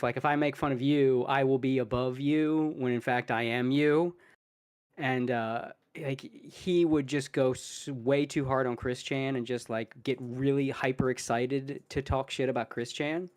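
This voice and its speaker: A man's voice: medium pitch, smooth. A man chatting casually as a podcast co-host, telling rambling stories between laughs.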